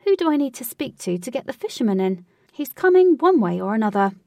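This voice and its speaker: A forthright young heroine, brisk and sure of herself, with a bossy upbeat push, as a woman reading the story voices her. The lines ride noticeably higher than a plain reading. The sound is dry and the mic sits a little away. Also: sing-song, creaky, mellow, dry recording, far from the mic. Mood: confident.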